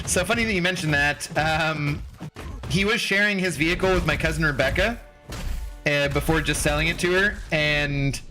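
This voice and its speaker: Reading chat on his livestream, a fortysomething man from Washington State, USA keeps things casual, loose and profane, and laughs a lot. His voice is on the high side with a sharp tone.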